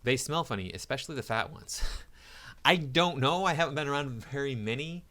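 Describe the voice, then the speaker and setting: Bright-voiced opinionated man. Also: mid-range voice, lively intonation, brisk. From United States. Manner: opinionated, chuckles often between remarks. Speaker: commentator. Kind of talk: reading a list aloud and commenting.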